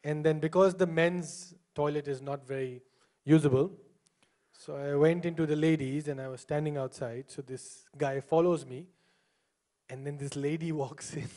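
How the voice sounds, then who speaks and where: A young man doing stand-up comedy, teasing the crowd and jumping into quick character voices. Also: on the high side, fairly even intonation, dark tone. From India. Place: comedy show stage before a live audience.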